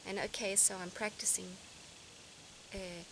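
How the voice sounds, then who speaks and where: A woman's voice: mid-range voice, little pitch movement, a little slow. Woman, reflective vlog talk, earnest, self-searching, frequent restarts, outdoor noise behind. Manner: earnest, searching, restarts often, laughs softly. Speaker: vlogger. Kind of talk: reflective personal talk to camera.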